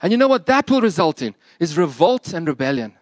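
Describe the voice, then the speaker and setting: A man's voice: on the high side, sing-song, a little fast, no echo. A man preaching a sermon in an earnest, emphatic and plain-spoken way. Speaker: pastor.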